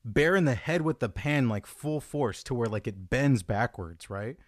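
A man co-hosting a podcast, telling stories in an animated way, laughing often and acting out quotes. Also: mid-range voice, moderate pace, dry recording, clean studio sound. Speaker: podcast co-host. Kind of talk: casual chat.

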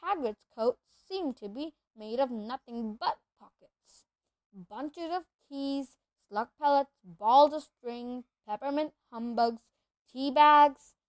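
A woman reading a children's novel aloud in an expressive storytelling manner. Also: sits high, slow pace, dry recording. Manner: expressive storytelling, lively voices. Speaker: audiobook reader.

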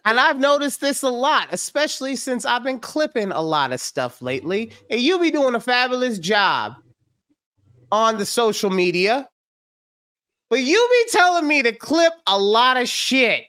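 A woman's voice: fairly high pitch, sing-song, normal speed, fairly bright tone, no room sound, clean studio sound. Teasing, foul-mouthed woman podcast host. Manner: teasing, frank, swears freely. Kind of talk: casual podcast chat.

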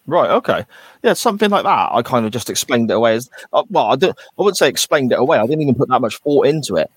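A man's voice: mid-range voice, big pitch swings, quick pace, slightly rough, dry recording. A man co-hosting a podcast, thinking aloud and second-guessing himself while discussing a TV episode. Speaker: podcast co-host. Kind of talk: casual chat reviewing a TV episode.

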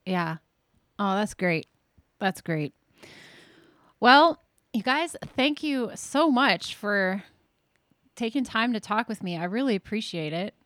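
A woman's voice: mid-range voice, expressive, slow pace, long pauses, a bit bright, dry recording. A woman hosting a podcast, chatting casually and encouraging her guests. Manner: friendly, encouraging interviewer. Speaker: podcast host. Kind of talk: casual interview chat.

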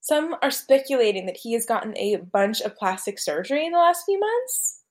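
A chatty woman with a slightly raised pitch, chatting casually and hedging her opinions with filler words. She laughs readily between thoughts. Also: big pitch swings, moderate pace. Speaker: co-host. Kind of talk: casual chat.

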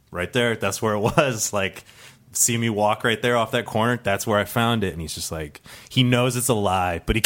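A man's voice: low-pitched, fairly bright tone. A man telling a long true story with many fillers, laughing now and then and acting out the other people in it. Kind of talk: storytelling for a live audience.

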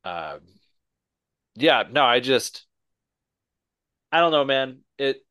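A man's voice: mid-range voice, big pitch swings, takes it slowly, sharp tone, no room sound. A man co-hosting a casual wrestling podcast, ranting sarcastically and swearing constantly. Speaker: podcast co-host.

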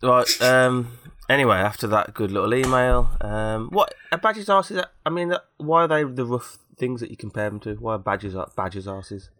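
A man's voice: medium pitch, brisk, few pauses, bright, forceful tone, no room sound. A man with a cold, hosting a podcast in rambling, jokey casual chat. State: has a cold. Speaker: podcast host.

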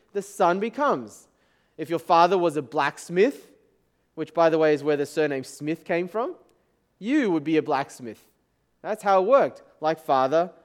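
A male pastor giving a sermon in a conversational style, asking the congregation frequent rhetorical questions. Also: sits high. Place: church service.

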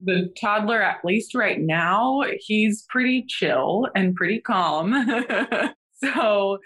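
Mother seeking advice, woman, slow unhurried speech, unsure. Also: mid-range voice, expressive, fairly bright tone, slightly rough. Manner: hesitant, laughs often. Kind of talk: casual conversation.

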